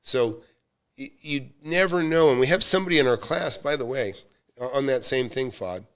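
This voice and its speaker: A man's voice: medium pitch, moderate pace, clean tone. Rambling middle-aged man on a live stream. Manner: rambling storytelling with many fillers and restarts. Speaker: real estate investor hosting a live Q&A. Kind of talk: casual live-stream talk.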